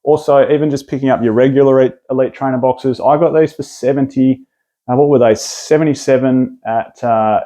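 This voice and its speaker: An Australian man talks through his product picks in a casual, rambling way, often restarting his sentences. His voice is mellow and relaxed, pitched in a middle range for a man. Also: fairly quick. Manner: rambling, enthusiastic, lots of restarts and fillers. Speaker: card collecting video host.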